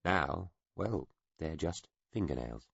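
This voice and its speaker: A man voicing a cool, guarded female agent who answers tersely and wryly, in a low husky tone. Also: lively intonation, takes it slowly, dry recording, muffled recording, exaggerated voice. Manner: dry, terse, wry.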